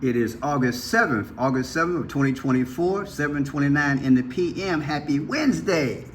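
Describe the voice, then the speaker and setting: A man hosting his own channel, giving casual political commentary with playful, drawn-out exclamations. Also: fairly high pitch, slight background noise. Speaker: channel host.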